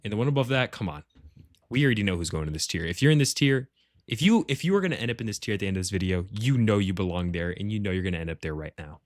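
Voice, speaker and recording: This man speaks on the low side, animated and racing, with studio-quality audio and no room sound. He's a gaming clan leader at home, where he lives with family, rambling through a casual tier list of his group's members in profane, slang-heavy banter.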